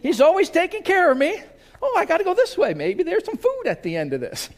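A man's voice: huge pitch swings, brisk, exaggerated voice. A man voicing a naive, trusting male sheep who chatters happily and squeals in surprise. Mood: naive cheerful. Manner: chatty, sudden high squeals.

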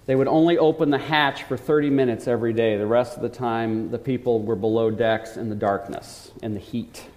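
A man preaching a sermon, telling a story earnestly and slowing down to stress key points. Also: mid-range voice, steady tone, darkish tone. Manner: earnest storytelling, slows for emphasis. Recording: long hall reverb.

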